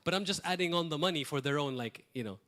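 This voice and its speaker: A man preaching in a lively, loose and rambling way, now and then slipping into acted-out quotes. His voice sits a little high for a man. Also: fast talker. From Malta. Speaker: pastor. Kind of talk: sermon.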